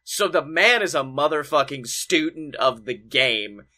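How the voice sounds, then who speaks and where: A man co-hosting a casual podcast chat, excitable and swearing freely, acting out quotes with loud outbursts. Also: on the high side, measured pace. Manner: excitable, swears a lot, acts out quotes with big shouts. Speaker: podcast co-host. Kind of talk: casual chat about wrestling.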